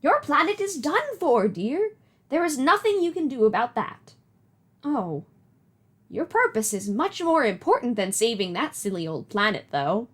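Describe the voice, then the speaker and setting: A wise old grandmother spirit holds forth in a grand, theatrical lilt, as a woman puts her on. The voice sits high and swings widely through each phrase. She sounds mysterious and fondly commanding. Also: big pitch swings, unhurried, a bit bright, full character voice. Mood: condescending. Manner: theatrical, solemn storytelling lilt.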